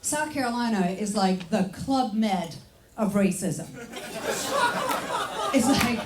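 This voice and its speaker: A young French-born woman with French as her first language, telling stories in a deadpan stand-up set and acting out the people in them. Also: medium pitch, slow pace, over a noisy crowd. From France. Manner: deadpan storytelling, acts out quoted voices. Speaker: stand-up comedian. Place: comedy club stage. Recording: roomy club with audience noise. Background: audience laughter.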